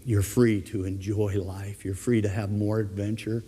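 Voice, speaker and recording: A man preaching an earnest, animated sermon as pastor, telling anecdotes to his congregation. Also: fairly low pitch, unhurried, husky, in a large hall. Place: church.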